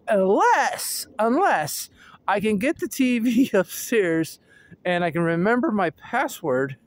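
Excitable man vlogger, high lively voice with a slow, drawn-out delivery, hoarse, recorded outdoors on a phone. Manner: excitable, hyper, laughs often. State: losing his voice. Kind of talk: casual vlog chat. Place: outdoors with his dog.

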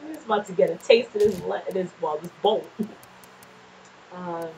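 A woman casually commenting on her gameplay, chatty and quick to swear, often laughing and talking back to the game's characters. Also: fairly low pitch, a little mellow, slight background noise, rough recording. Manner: nervous and jumpy in scary moments. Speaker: gameplay streamer. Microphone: desk microphone.

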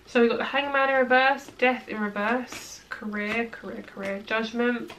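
A woman's voice: a little high, steady tone, normal speed, noisy background. A young woman giving a casual tarot reading to her viewers, chatty and reassuring, with plenty of "like" and "um" fillers. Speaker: tarot reader.

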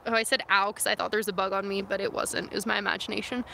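A woman's voice: mid-range voice, fairly even intonation, a little fast, creaky, bright, forceful tone, a little hiss or hum. A young woman chatting casually on a phone livestream outdoors, answering viewer comments in a rambling way full of "like" and "um". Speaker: vlogger reading live chat comments. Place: outdoors in the wilderness near her van. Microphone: phone camera.

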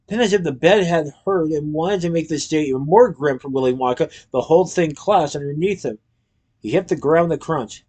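A man narrating a children's storybook aloud in a lively storytelling manner. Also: on the high side, fairly quick. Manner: lively storytelling with character voices.

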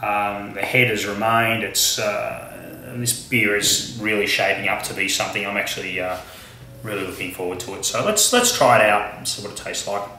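Chatty man reviewing beer, bright voice. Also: fairly low pitch, fairly even intonation, moderate pace, reverberant, a little hiss or hum, rough recording. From Australia. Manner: chatty and wry, many fillers and asides. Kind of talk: casual tasting vlog.

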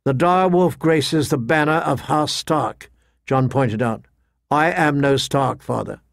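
A man voicing a young bastard son who speaks softly and gravely. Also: on the high side, takes it slowly, dry recording, studio quality. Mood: quietly humble.

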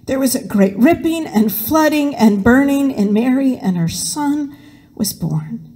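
Woman pastor, slow expressive sermon storytelling, reverberant sanctuary. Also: high-pitched, husky. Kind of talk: sermon with dramatic reading. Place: church sanctuary.

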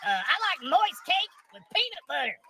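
An actor voicing a confused elderly male president in a parody sketch, who stammers and repeats words slowly. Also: very high-pitched, big pitch swings, creaky, very noisy, heavily acted. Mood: dazed.

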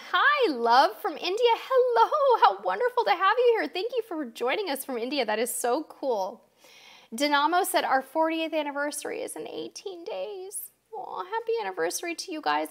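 A woman's voice: a little high, a bit bright. A woman hosting a casual livestream, reading out viewer comments and answering them in a chatty, effusive way, laughing often. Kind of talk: casual live chat.

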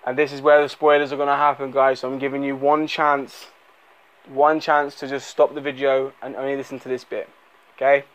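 A man talks through a movie review off the cuff, at an ordinary mid-range pitch. His delivery rambles, with lots of fillers and restarts. It sounds unplanned and conversational. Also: flat delivery, fairly quick, a bit bright, low-quality recording. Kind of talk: unscripted spoken movie review.

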